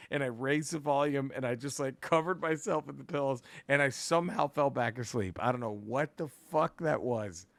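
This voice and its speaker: A man's voice: fairly high pitch, dry recording. Man telling a story, cursing freely, dry sound. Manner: profane, rambling, animated retelling with restarts. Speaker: podcast co-host. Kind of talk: casual storytelling.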